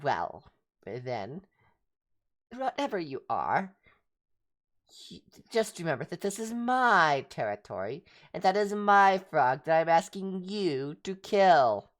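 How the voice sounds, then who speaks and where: A woman's voice: fairly low pitch, big pitch swings, slow pace. A woman voicing a chatty, hungry male cat who rambles about food and guards his territory. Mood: territorial. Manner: rambling, easily distracted by food.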